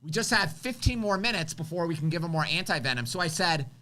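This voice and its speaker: A man's voice: fairly high pitch, fast. A man co-hosting a live show, telling an emotional story and acting out what people said. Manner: animated, acts out quotes, swings loud and soft. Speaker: co-host.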